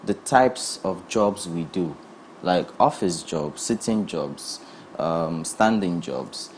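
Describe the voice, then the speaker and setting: A young man with a thick Ghanaian accent, speaking as a physiotherapy guest in a studio interview. He explains calmly and steadily in a very deep voice. A faint hum sits in the background. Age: young adult. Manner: calm, measured explaining.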